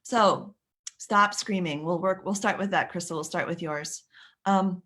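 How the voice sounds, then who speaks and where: A woman's voice: fairly low pitch, measured pace, bright, forceful tone. A woman leading a live parenting workshop who chats with viewers by name, often restarting her sentences. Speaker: parenting coach.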